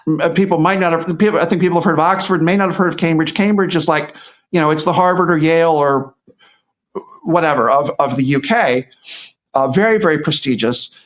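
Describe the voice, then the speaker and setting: A man's voice: on the high side, brisk. A middle-aged man talking casually as a guest, rambling, with lots of restarts and repeated words. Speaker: guest commentator. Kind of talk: casual conversational commentary.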